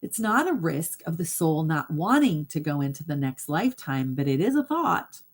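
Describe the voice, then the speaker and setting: Low-voiced earnest woman hypnotherapist. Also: big pitch swings, moderate pace, husky. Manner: earnest, speaks directly to viewers. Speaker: hypnotherapist and livestream host. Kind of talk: casual live talk.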